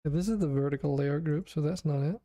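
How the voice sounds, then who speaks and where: A worn-out man talks to himself in a flat, monotone way while he pokes at his game's code. His voice is mellow and soft-edged, steady and unhurried. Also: fairly high pitch. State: exhausted. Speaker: game developer streamer. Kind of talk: thinking aloud while coding.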